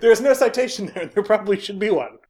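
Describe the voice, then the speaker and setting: A woman co-hosts a podcast, chatting casually with a medium-pitched voice. She's animated and laughs readily.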